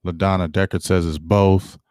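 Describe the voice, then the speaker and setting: Animated man doing dry sports talk. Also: deep voice, normal speed, clean tone, no room sound. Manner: animated, acts out quoted coaches, talks to viewers. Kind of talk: casual live-stream sports talk.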